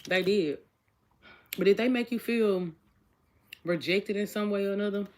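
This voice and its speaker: Her voice is medium-pitched and a little mellow, moving at a moderate pace. A woman who is an adult with a child, she does a casual tarot reading, chatting repetitively, reading every question out loud, and talking directly to the people watching.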